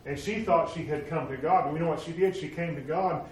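A man preaching a sermon, retelling stories and acting out the voices of the people in them, moving between loud emphatic lines and hushed ones. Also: on the high side, a little fast. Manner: animated, acts out quoted voices, swings from loud to hushed. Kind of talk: sermon storytelling. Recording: very echoey room, from a distance, faint noise.

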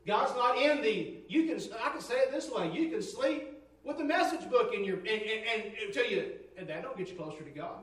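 A man preaching a sermon, fervent and swinging from near shouts to low storytelling tones. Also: expressive, a little fast, far from the mic. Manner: fervent, rising to near shouts, dropping low for quoted stories. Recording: roomy echo, from off-mic.

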